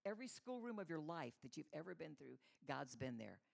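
A woman's voice: sits low, sing-song, fairly quick, creaky. A middle-aged woman giving a conversational, storytelling sermon as a mother, acting out the voices she quotes. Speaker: church speaker, mother.

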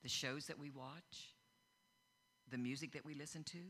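A middle-aged woman preaching a sermon, animated, acting out quoted voices and growing loud and excited. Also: very deep voice, normal speed. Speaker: pastor.

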